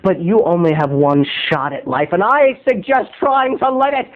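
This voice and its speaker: Casting: high-pitched, theatrical comic storyteller on a tinny line. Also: male voice, normal speed. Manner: theatrical, animated, keeps addressing listeners as "people". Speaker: host telling a comic story.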